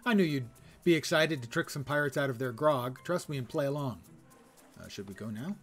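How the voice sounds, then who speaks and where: A man casually commenting on his game in a relaxed, self-deprecating way, reading game text aloud. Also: mid-range voice, a little fast. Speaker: game streamer.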